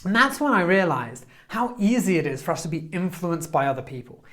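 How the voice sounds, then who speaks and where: Male motivational speaker, lively storyteller, quick delivery, acts out quotes. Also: high voice.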